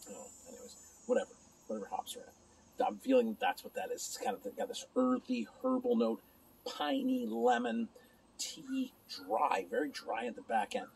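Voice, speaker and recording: A man's voice: extremely high pitch, huge pitch swings, moderate pace, gravelly, a little mellow, a little hiss or hum, rough recording. A man casually reviewing a beer alone at home, rambling and chatting to his viewers and to himself.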